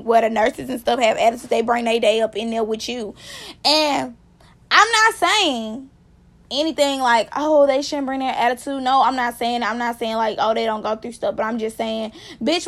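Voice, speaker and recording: A woman telling a story to her viewers in casual vlog commentary, animated and emphatic, swearing freely as she rants. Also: sits high. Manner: animated, profane, emphatic ranting; speaks directly to viewers. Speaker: vlogger.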